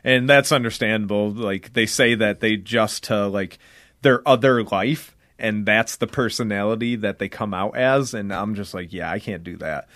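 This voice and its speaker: A man's voice: fairly low pitch, moderate pace, a bit bright, dry recording, clean studio sound. A young man hosting a podcast, telling a story in loose, rambling chat full of "like" and swearing. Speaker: podcast host.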